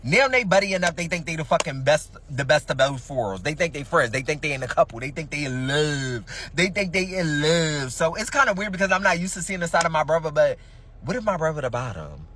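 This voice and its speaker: A man's voice: a little high, sing-song, quick pace, sharp tone, distant mic, slight background noise. A man telling a dramatic first-person story in casual, slangy, profane speech, talking straight to his listeners.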